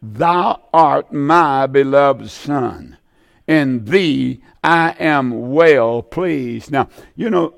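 A man's voice: on the high side, gravelly, a little mellow. A man preaching on the radio, reading scripture and stumbling often with fillers and restarts. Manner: halting, many fillers and restarts.

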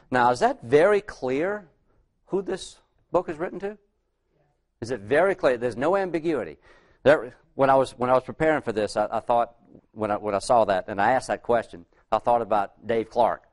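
Middle-aged man, lay preacher, chatty sermon, quizzes the room, slow scripture reading. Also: medium pitch, lively intonation. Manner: asks the congregation questions, reads King James verses slowly.

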